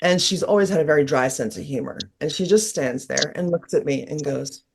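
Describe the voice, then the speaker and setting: A woman's voice: sits low, fairly quick, creaky, slightly rough. A woman, an actor guest, telling a funny story expressively and laughing as she goes. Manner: expressive storyteller who laughs through her tale. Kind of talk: casual anecdote.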